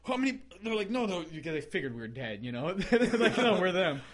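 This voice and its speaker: A man guest on a podcast, telling a story in a casual, animated way, acting out quotes and laughing often. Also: high voice, brisk. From United States. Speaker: podcast guest, race car builder.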